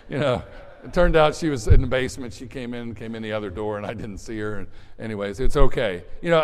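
An older man in his sixties preaches a sermon as a pastor in a church sanctuary. He talks in a conversational way at an ordinary pitch, often repeating words and chuckling. His voice carries a long reverb from the hall.

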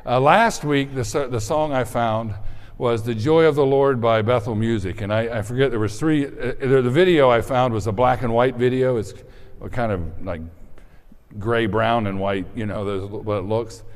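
A male pastor giving a sermon to his congregation, praying slowly and then telling stories casually with frequent restarts. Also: medium pitch, in a large hall. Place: church sanctuary with congregation.

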